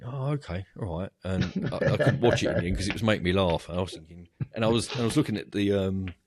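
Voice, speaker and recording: Deep-voiced man chatting on a video call. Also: quick pace. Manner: chatty, rambling, with frequent fillers and laughs. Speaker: podcast host. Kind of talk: casual interview wrap-up chat.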